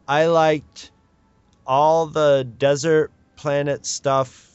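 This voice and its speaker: A man's voice: on the high side, flat delivery, drawn-out words, clean tone, no echo. A man co-hosting a casual film chat, thinking aloud and restarting his sentences. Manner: thoughtful, hesitant, restarts often. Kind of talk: casual group chat about films. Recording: dull lo-fi sound, faint music behind.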